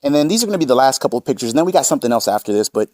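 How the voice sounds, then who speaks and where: A man's voice: medium pitch, big pitch swings, very fast, a little mellow, dry recording, clean studio sound. A man hosting a commentary channel, combative and profane as he reads out and mocks chat messages. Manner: combative, swearing, reads chat quotes aloud.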